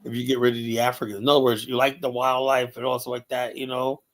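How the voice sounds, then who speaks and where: A man with a New York accent hosting a casual opinion chat, rambling and animated, with "you know" after nearly every phrase. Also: mid-range voice, fast. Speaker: show host.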